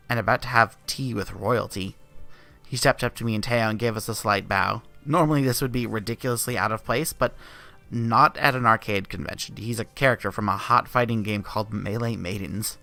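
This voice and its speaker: A man streaming himself reading a visual novel aloud, narrating with relaxed, self-aware asides. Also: mid-range voice, fairly quick, soft background music.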